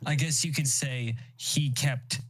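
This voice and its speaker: A man's voice: medium pitch, steady tone, slow pace, fairly bright tone, husky. A man in his thirties, a laid-back guest on a stream, chatting and cracking puns. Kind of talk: casual stream chat.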